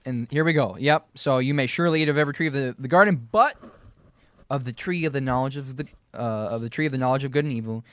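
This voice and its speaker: A Bible teacher leads a casual study, reading scripture aloud and explaining it word by word, repeating key words and laughing easily. His voice is medium-pitched and quick, recorded dry.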